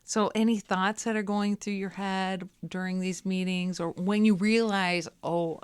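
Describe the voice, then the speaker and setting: A woman hosting a podcast interview, asking questions gently and encouragingly and telling a story of her own. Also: medium pitch, little pitch movement, measured pace, clear, resonant tone. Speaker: podcast host.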